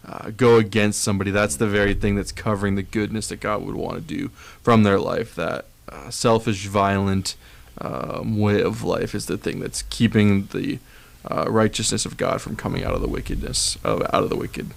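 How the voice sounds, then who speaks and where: A thoughtful man reflects on scripture on a church podcast, pausing often with fillers. His voice is fairly low and gravelly. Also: fairly even intonation. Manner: thoughtful, hesitant, many fillers. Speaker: podcast regular who reads the proverb.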